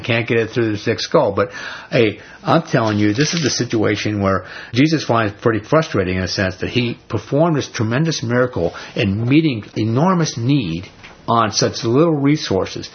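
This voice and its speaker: A man preaching, reading scripture and then explaining it in a conversational, emphatic way, rising into animated paraphrase. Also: mid-range voice, husky. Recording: dull lo-fi recording.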